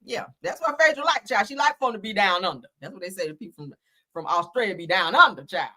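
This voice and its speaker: With lively intonation and a sharp tone, a female livestream host rattles through celebrity news quickly in a mid-range voice. She's sassy and talkative, laughing often and addressing her chat.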